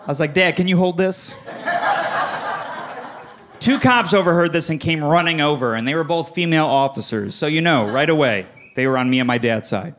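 A stand-up comic rattles off animated family stories at a club, putting on exaggerated voices for his relatives. He talks fast with a fairly high, expressive voice and hardly pauses, over a noisy background of audience laughter.

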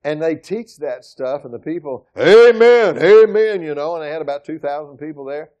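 A middle-aged man preaching a sermon as pastor, emphatic, swinging from loud exclamations to quiet asides. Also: fairly high pitch, fairly even intonation, fairly quick, muffled recording. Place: church sanctuary.

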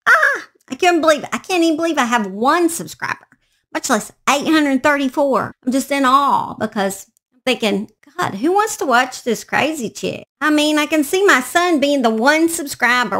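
A woman, hosting a true crime channel in a chatty, gushing way and talking straight to her viewers. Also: high-pitched. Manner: warm-hearted, gushing, talks to viewers directly. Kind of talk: casual chatty vlog.

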